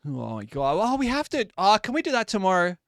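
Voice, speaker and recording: Lively, chatty young male streamer. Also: high-pitched, a little fast, no room sound, clean studio sound. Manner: animated, chatty, swears casually. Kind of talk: casual live-stream chat with viewers. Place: at home at his desk.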